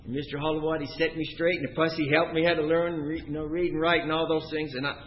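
High-voiced preacher man, lo-fi sound. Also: little pitch movement, fast, slight background noise. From Canada. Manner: storytelling, swinging between loud emphasis and quiet asides. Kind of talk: sermon. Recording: dull lo-fi recording.

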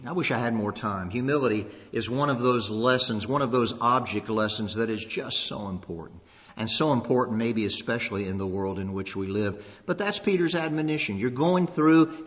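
A man's voice: medium pitch, a bit bright. A male pastor delivers a sermon in a church sanctuary, earnest and pressing, doubling back on words as he stresses each point. His voice rings out with a long reverberant tail. The recording is dull and lo-fi. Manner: earnest, repeats words when emphasizing.

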